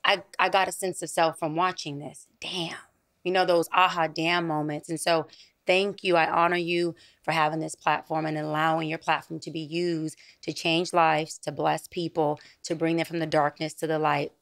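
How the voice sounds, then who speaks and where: A woman, a psychology expert guest on a studio podcast, speaking in a calm, affirming, measured way. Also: low voice, no echo. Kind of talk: podcast interview.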